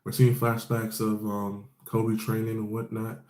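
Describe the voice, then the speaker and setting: A man talks through an anime episode in a loose, rambling way, peppering it with fillers and curse words. His voice sits on the low side, and the room around him rings with a noticeable echo. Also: completely flat delivery, measured pace, a little mellow. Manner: rambling, profane, laid-back storytelling with fillers. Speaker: anime episode recap host. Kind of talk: casual episode recap.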